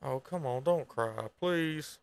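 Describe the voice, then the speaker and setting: A man streaming and chatting casually while reacting to a video, talking in an animated way, swearing and laughing freely. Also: on the high side, slow, vocal fry, smooth, dry recording.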